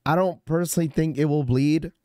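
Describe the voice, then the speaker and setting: A man with a hoarse, sore-throat voice hosting a sneaker livestream, talking to his chat in a casual, rambling way full of restarts. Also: fairly high pitch, fairly quick, a little mellow, no room sound, clean studio sound. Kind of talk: casual live-stream chat.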